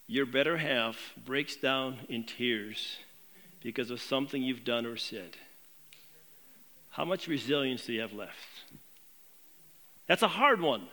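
A man preaching a sermon to his congregation, posing questions and dropping low and quiet on key points. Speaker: pastor.

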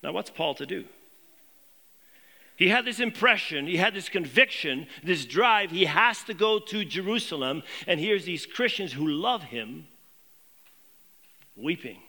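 A man preaching a sermon to his congregation, posing questions and dropping low and quiet on key points. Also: expressive, a little slow, pauses often. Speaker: pastor.

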